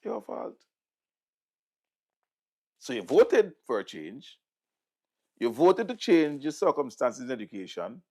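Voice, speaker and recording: A man's voice: mid-range voice, very animated, unhurried, darkish tone. A middle-aged man with a Vincentian accent, hosting political commentary in a mocking, sarcastic manner and repeating words for emphasis. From St Vincent and the Grenadines. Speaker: host.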